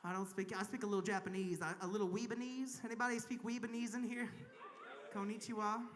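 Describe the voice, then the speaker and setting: A woman's voice: medium pitch, steady tone, fast talker. A woman from Kentucky doing a crude, self-mocking stand-up comedy set on a convention main stage, laughing at her own jokes. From Kentucky, USA.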